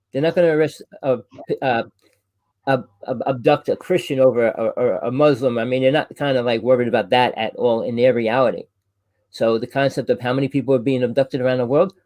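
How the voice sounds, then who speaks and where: A man from New Jersey with a New Jersey accent, hosting a casual chat, talking loud and fast and rambling with restarts. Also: mid-range voice, no room sound. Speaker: host.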